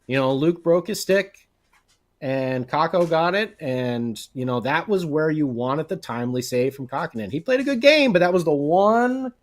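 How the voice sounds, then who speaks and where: A man co-hosting a casual sports podcast, talking in a chatty, animated way with plenty of filler words. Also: fairly high pitch, moderate pace. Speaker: podcast co-host.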